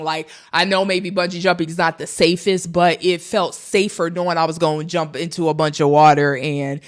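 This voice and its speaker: A young woman vlogging, telling a travel story casually and animatedly to her viewers. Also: fairly low pitch. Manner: animated, addresses viewers as y'all.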